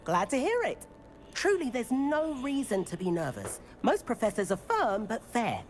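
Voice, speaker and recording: A woman's voice: a little high, wildly swooping pitch, moderate pace, soft background music. A woman voicing a mischievous young male student in a game, with a breezy, teasing manner.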